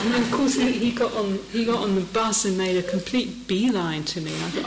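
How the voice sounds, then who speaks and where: A woman's voice: mid-range voice, a little slow, very noisy. A middle-aged woman, giving a dharma talk as a meditation teacher, telling stories and laughing often. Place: meditation hall. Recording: echoey meditation hall.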